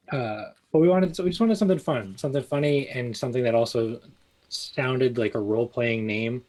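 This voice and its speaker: A man guesting in a casual interview chats about his small clothing business, relaxed and rambling, full of fillers and restarts. His voice is medium-pitched and a little fast, and the recording is rough.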